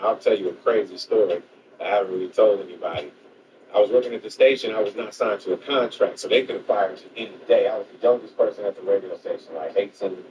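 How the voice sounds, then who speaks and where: A man, a rapper who once worked at a radio station, telling an anecdote full of quoted exchanges. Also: fairly low pitch. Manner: lively storytelling with quoted exchanges. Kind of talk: anecdotal storytelling. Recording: dull, roomy, distant noisy recording.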